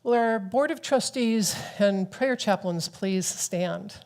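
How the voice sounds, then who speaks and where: A woman leading a church service, giving welcomes and announcements to the congregation in a measured, welcoming way. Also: mid-range voice, darkish tone. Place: church sanctuary.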